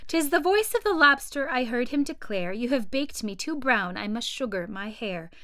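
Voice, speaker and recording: A woman's voice: a little high, lively intonation, moderate pace, a bit bright, no echo, studio quality. Alice, a woman playing a curious girl. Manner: polite and wondering. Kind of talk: storybook read-aloud.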